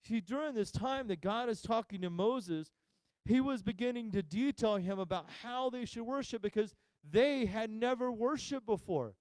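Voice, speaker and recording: A man preaching a sermon as pastor, talking straight to his listeners, asking them questions and pausing for effect. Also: sits high, a little mellow, no echo, poor audio. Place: church.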